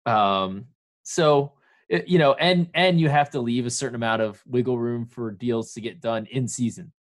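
A man's voice: medium pitch, normal speed. Man, mid-range voice, joking podcast co-host in casual sports chat. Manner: jokey, playful banter.

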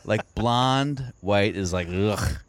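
A male comedian talks as a podcast guest, telling stories about his own life in a wry, self-mocking way. His voice sits somewhat low. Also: slow pace, dry recording. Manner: wry, self-deprecating storytelling. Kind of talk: casual podcast interview.

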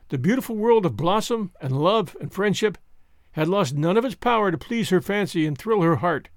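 A man narrating an audiobook in a measured, gentle way. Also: high voice, dry recording, clean studio sound. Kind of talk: scripted narration.

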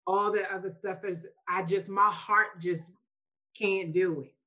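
A woman in a casual chat, speaking with soft, weary sincerity. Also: medium pitch, steady tone, unhurried, low-quality recording.

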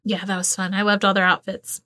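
A woman's voice: medium pitch, flat delivery, fairly quick, sharp tone. A woman in her thirties from the American South, with a light Southern accent, chatting casually as a podcast co-host and laughing often. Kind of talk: casual chat.

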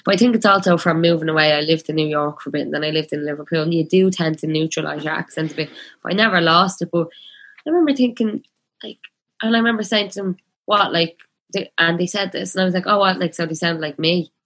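A woman's voice: on the low side, fairly bright tone. A woman in her twenties with a Dublin accent, talking passionately in a casual chat, full of fillers. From Ireland. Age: 20s. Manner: passionate, talks fast with many fillers.

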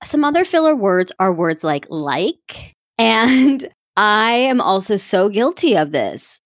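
A woman podcast host talks through advice in a relaxed, chatty way, breaking into laughter at her own slips. Her voice sits at an everyday middle pitch. She speaks close to the mic in a dry, dead-sounding space. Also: no room sound. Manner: chatty, laughs at herself often; coaching, addresses listeners directly. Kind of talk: casual self-help talk.

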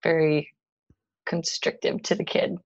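A woman's voice: sits low, fairly even intonation, measured pace, highs cut off. A woman co-hosting a podcast in casual chat, frank and reassuring with a playful streak. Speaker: podcast co-host.

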